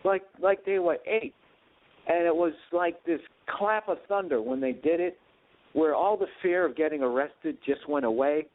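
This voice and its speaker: A man's voice: a little high, normal speed. Man in his late thirties, podcast host, rambling profane storyteller, tinny narrow sound. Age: 30s. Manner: profane, self-deprecating, animated.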